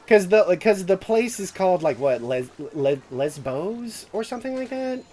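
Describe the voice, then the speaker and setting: Man, streamer, casual chat, rambling, laughs often, lively pitch. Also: breathy edge. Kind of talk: casual chat while gaming.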